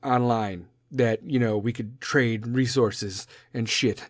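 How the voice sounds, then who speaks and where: A man's voice: mid-range voice, steady tone, slow pace, no echo, clean studio sound. A man in his forties with a Chicago accent, hosting a podcast in a profane, rambling, jokey rant. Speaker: podcast host. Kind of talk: casual rant.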